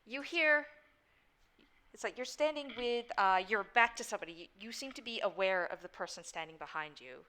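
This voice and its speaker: A woman narrating as game master in a tabletop game, playful and animated. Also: mid-range voice, normal speed.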